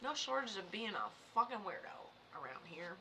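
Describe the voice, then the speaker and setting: A woman's voice: mid-range voice, very animated, normal speed, sharp tone, a little hiss or hum. A woman from Florida, a medium live-streaming in a casual, chatty way, swearing now and then and talking straight to viewers. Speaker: psychic medium livestreamer.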